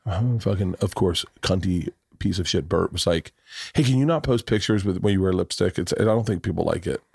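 A man's voice: sits low, a little fast, creaky, darkish tone, breathy edge, dry recording, studio quality. A man hosting a podcast in casual chat, talking bluntly and joking with lots of swearing. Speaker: podcast host.

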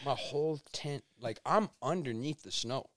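A man of middle pitch tells a long story as a podcast guest, animated and swearing at every turn. He slips into acted-out voices for what he and others said. The sound is close and dry, with no room around it. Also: normal speed, no room sound. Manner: animated, swears constantly, acts out quotes. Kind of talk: casual storytelling interview.

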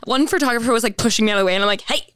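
Fast-talking young woman, smooth voice. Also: a little high, fairly bright tone, no room sound, studio quality. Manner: fast, filler-heavy gushing. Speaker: podcast guest. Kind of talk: casual chat.

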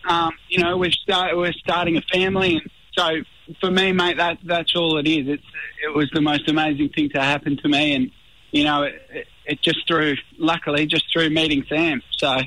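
An Australian man, a reality show contestant, chatting in a relaxed radio interview and saying "mate" often. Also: fairly high pitch, normal speed, no room sound, rough recording. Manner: laid-back, says mate a lot.

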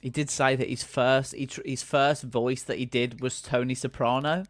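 A man's voice: mid-range voice, level tone, normal speed, dry recording. A man hosting a casual podcast chat, asking his co-hosts questions. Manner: inquisitive, asks the others questions.

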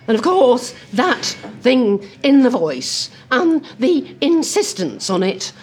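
A woman's voice: a little high, slow, slightly rough. A woman guest talking animatedly over lunch in a restaurant, telling stories and slipping into impressions. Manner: lively storyteller who slips into impressions. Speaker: interview guest.

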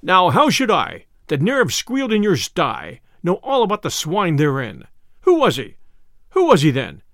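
A bellowing, quick-tempered tinker with a deep bull-like roar, as a storyteller puts him on. He blusters in archaic speech with a lively, swinging pitch, recorded close and dry. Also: no echo, heavily acted. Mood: angry, indignant. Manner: blustering and loud, old-fashioned speech. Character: brawling boastful male tinker, hot-tempered.

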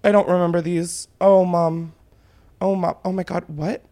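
A man's voice: high-pitched, moderate pace. A young man hosting his own show, casually retelling a wild night out with lots of swearing and dramatic quoting. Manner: animated, swearing, dramatic retelling with put-on quotes. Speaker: podcast host. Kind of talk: casual storytelling chat.

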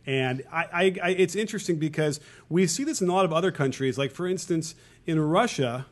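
A man's voice: fairly high pitch, brisk. A man co-hosting a political podcast, talking loosely and wryly as he thinks aloud. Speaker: podcast co-host.

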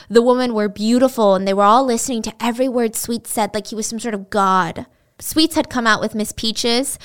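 A woman's voice: medium pitch, fairly bright tone, clear, resonant tone. A woman casually retelling a true-crime story, chatty and blunt, swearing freely and filling her speech with "like.".

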